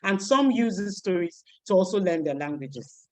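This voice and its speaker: A woman, a teacher giving an animated talk over a video call, who repeats words and acts out voices. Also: on the low side, moderate pace, rough recording. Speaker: teacher and guest speaker.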